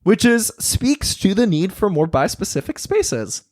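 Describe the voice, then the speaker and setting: A young man talking as a podcast guest in casual interview chat, blunt and emphatic, swearing freely with lively asides. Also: high voice, unhurried.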